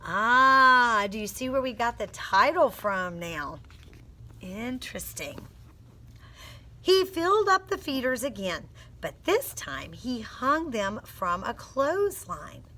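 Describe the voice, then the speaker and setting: A woman teacher reads a storybook to little kids in a slow, unhurried way, stopping to sound out words with them. Her voice is bright and a bit high, expressive and encouraging. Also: slight background noise. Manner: expressive storytelling with phonics coaching. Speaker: teacher reading aloud. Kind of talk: read-aloud lesson for young children.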